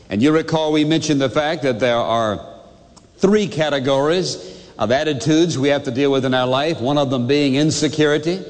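A man's voice: mid-range voice, long reverb tail. An older man preaching a sermon as pastor, emphatic and asking his listeners questions.

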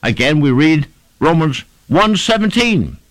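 A male preacher delivering a sermon with a lively, rising-and-falling voice. He leans hard on key words and builds rhythmic lists of repeated phrases. The sound is close and dry, with almost no room echo. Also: fairly high pitch, measured pace.

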